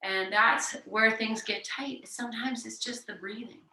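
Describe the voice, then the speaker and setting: A yoga teacher guides a class with gentle, encouraging cues, pausing to demonstrate forceful breathing exercises while sweating from the effort. Her bright, clear, slightly high voice is unhurried with fairly even intonation. She's recorded from a distance in a room with noticeable echo.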